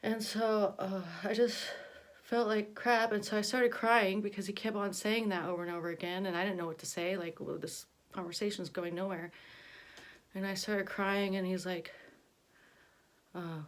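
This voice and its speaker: A woman's voice: medium pitch, steady tone, moderate pace. A young woman telling a story in a casual vlog, rambling with many fillers and restarts. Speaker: vlogger.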